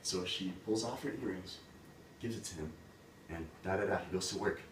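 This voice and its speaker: A storyteller with a low voice retells a fairy tale at a moderate pace, keeping it casual and chatty with plenty of "like" and "he's like." The mic sits at a distance in a roomy space, and steady background noise runs underneath.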